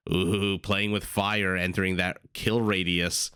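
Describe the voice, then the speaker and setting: Low-voiced excitable game caster. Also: male voice, clear, resonant tone. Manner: excitable, quick asides and self-corrections. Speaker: esports caster. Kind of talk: live play-by-play commentary.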